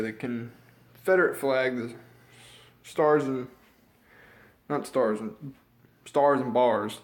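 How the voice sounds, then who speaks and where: A young man from the United States ranting casually in a vlog. He rambles, swears a lot, loses his thread and sounds out of breath and a bit sick. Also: mid-range voice. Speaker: vlogger. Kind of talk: casual opinion rant.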